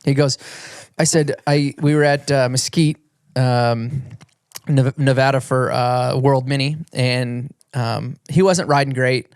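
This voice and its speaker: A man's voice: mid-range voice, steady tone, slow pace, clear, resonant tone, no echo, clean studio sound. A man in his thirties, a retired racer and podcast guest, telling stories in casual chat, rambling with many restarts and swearing freely.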